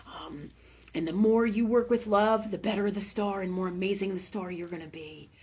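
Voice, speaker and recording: A woman's voice: medium pitch, steady tone, brisk, a little mellow, muffled recording. A woman hosting a live call-in show as a medical intuitive, talking in a chatty, rambling way, often asking "right?" and swearing casually. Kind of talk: live call-in spiritual health reading.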